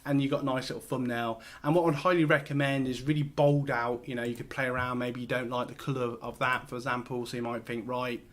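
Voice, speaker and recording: A man's voice: mid-range voice, little pitch movement, fast talker, hardly any pauses. A man hosting a casual screen-share tutorial, talking loosely with lots of fillers and restarts as he works. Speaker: host.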